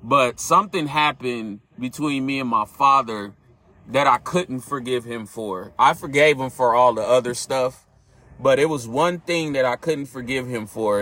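Earnest man with a bright, forceful voice. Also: mid-range voice. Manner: earnest, reflective, speaks directly to listeners. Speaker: podcast host. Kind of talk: personal storytelling monologue.

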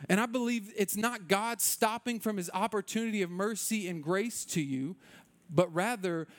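A man's voice: sits high, moderate pace. A man preaching an informal sermon, repeating words and restarting his sentences. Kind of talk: conversational sermon.

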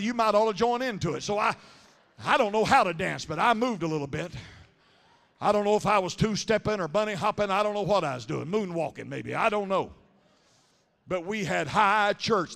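A man preaching a Pentecostal sermon in a church, telling stories in a quick, rhythmic cadence and building up to shouted, chanted lines. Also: high voice. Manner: punctuates lines with a breathy "huh". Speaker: pastor. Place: large church sanctuary. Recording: live sermon with long hall reverb.

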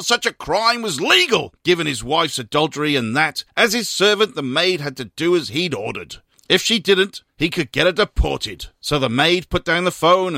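A man hosting a sports radio show, casually chatting and reading out long jokes with animated voiced quotes. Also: on the high side, vocal fry, no room sound, clean studio sound.

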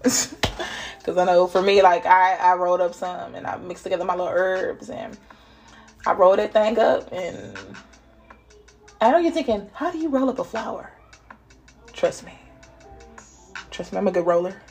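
A woman giving a casual spiritual reading, playful and laughing, dropping to whispers and jumping to loud bursts. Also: fairly low pitch, moderate pace, vocal fry, pauses often, faint music behind. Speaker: spiritual reader channeling messages. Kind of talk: casual intuitive reading monologue.

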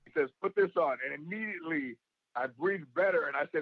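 A man with a raspy, worn voice talks casually as an interview guest. He tells stories with energy and acts out other people's lines. The sound is dull and dry, with no room echo. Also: fairly high pitch, brisk. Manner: animated storyteller who acts out quotes. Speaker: guest, actor and comedian.

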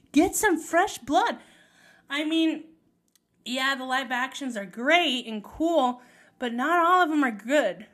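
Woman vlogger, high voice, exasperated casual rant with frequent swearing. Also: fairly bright tone. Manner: exasperated, swears freely, emphatic ranting.

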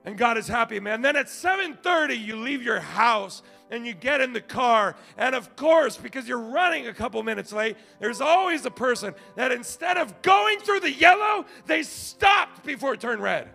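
A male pastor preaching a sermon, telling stories with big swings from shouting to hushed asides. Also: extremely high pitch, moderate pace, creaky, few pauses, soft background music. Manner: animated storytelling, swings from shouting to quiet.

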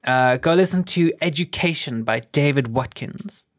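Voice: mid-range voice, normal speed. A podcast host in casual chat who rambles, swears casually and trips over words.

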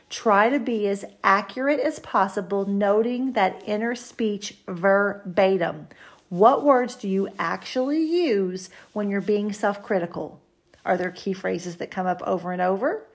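A woman with a gravelly, fry-edged voice hosts a self-help podcast. She talks straight to her listeners in a chatty, encouraging way, like a coach walking them through an exercise. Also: mid-range voice. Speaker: podcast host.

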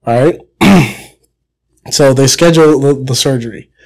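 Brief: male podcast host, mid-pitched, casual crude storyteller, rambling with filler words. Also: unhurried, a little mellow. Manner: rambling, crude, filler-heavy, frequent throat clearing.

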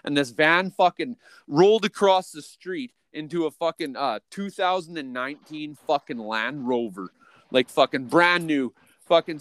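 A man co-hosting a podcast, telling a long story in a profane, rambling, excitable way. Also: fairly high pitch, no room sound. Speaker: podcast co-host. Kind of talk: casual storytelling.

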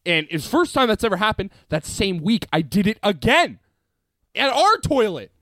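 A man co-hosting a podcast, telling crude stories in casual chat with loud exclamations and laughter. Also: high-pitched, very animated, fairly quick, no echo. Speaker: podcast co-host.

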